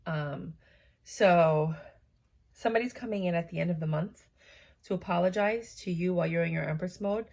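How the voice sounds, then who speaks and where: A woman's voice: fairly low pitch, normal speed, vocal fry, a little mellow. A woman giving a casual, chatty tarot reading to her viewers, tired and yawning, with many fillers and asides. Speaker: tarot reader.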